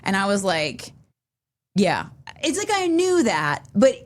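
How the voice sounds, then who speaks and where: A woman's voice: on the high side, huge pitch swings, moderate pace. A young adult woman co-hosting a podcast, telling a story in casual chat, full of fillers and restarts. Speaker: podcast co-host.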